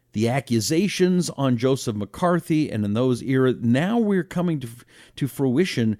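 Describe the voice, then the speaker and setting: A man hosting a solo talk show, reading listener comments and talking in an animated, rambling way. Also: vocal fry. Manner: animated, rambling, lively swings in pitch. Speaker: radio talk show host. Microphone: own broadcast setup, fixing a failed mic on air.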